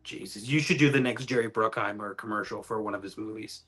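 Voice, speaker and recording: A man's voice: lowish voice, fast talker, a bit bright, faint music behind. A man, a police sergeant guest chatting casually and teasing the host. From Canada. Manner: easygoing, teasing. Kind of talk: casual interview chat.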